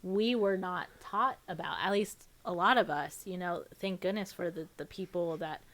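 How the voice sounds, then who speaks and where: A woman's voice: fairly low pitch, normal speed, fairly bright tone. A woman guest on a podcast, from Pennsylvania, who talks candidly and emotionally. She swears without a second thought and strings her thoughts together with casual fillers in a loose conversational flow. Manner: open and emotional, swears freely, many fillers.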